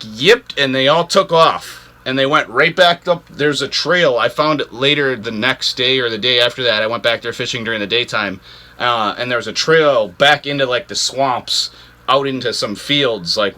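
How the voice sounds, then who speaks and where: A man hosting an outdoors channel, telling a story to camera in a rambling, animated way, full of "like" fillers. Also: mid-range voice, normal speed. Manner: rambling, animated, heavy use of "like". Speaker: ice fishing channel host.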